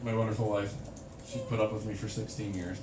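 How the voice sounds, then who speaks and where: This stand-up comic speaks fairly quickly in a lowish voice with little rise or fall in pitch, working through crude jokes at his own expense in a small club. The recording comes from a camcorder held by an audience member and sounds far-off, echoey and noisy, with laughter from the crowd.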